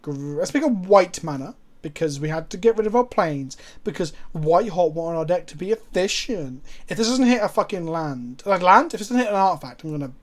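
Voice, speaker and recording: A man from England giving casual, profane, excitable commentary while streaming a card game. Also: sits high, brisk, hardly any pauses. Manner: swears a lot, excitable, sarcastic.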